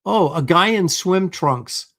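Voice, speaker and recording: Guy hosting a chill livestream, sarcastic and doubtful, voice a bit on the high side. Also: animated, slow, a bit bright. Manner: sarcastic, skeptical, reads viewer comments aloud. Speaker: livestream host. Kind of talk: casual livestream commentary.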